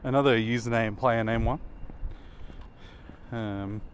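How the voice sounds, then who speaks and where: A man's voice: medium pitch, steady tone, takes it slowly. A young Australian man rambling casually as he rates names, sounding them out and adding self-mocking asides. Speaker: video creator rating player names. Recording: outdoor traffic noise.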